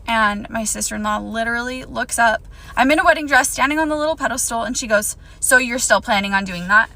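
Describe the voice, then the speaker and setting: A woman's voice: a little high, gravelly, bright, forceful tone, rough recording. A young woman telling a personal storytime to camera, emphatic and indignant.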